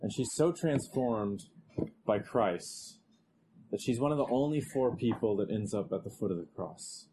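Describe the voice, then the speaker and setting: A male preacher giving a conversational expository sermon, growing animated when he reads scripture aloud. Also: fairly low pitch, moderate pace, a little hiss or hum, rough recording.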